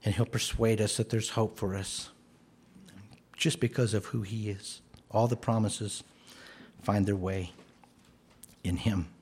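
Husky man preaching an earnest sermon. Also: lowish voice, steady tone, measured pace, long pauses. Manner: earnest, rises to emphatic commands then drops soft.

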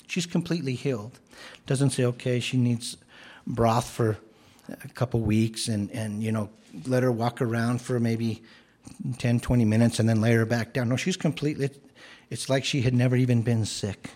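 Husky guy preaching, earnest, gets loud and emphatic then goes soft again. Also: mid-range voice. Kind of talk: sermon.

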